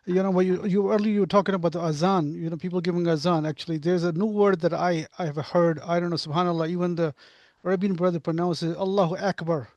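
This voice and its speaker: A man's voice: high-pitched, fairly even intonation, fast, few pauses, a little mellow, no room sound, lo-fi sound. Eager man student chiming in. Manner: eager, hesitant, chimes in with guesses. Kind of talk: class participation.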